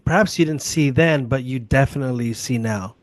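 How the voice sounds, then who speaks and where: A man hosting a podcast, asking measured, gently probing questions. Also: medium pitch. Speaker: podcast host. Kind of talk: interview questions.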